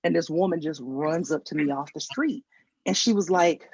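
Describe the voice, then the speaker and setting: Southern woman comic with a gravelly, husky voice. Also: low voice, normal speed, a little mellow, no room sound. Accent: Southern American. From Georgia, US South. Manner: storytelling with acted-out quotes and self-mocking asides. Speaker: stand-up comedian. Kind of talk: virtual stand-up comedy set. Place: home, over a video call. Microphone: video call mic. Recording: dull lo-fi video call audio.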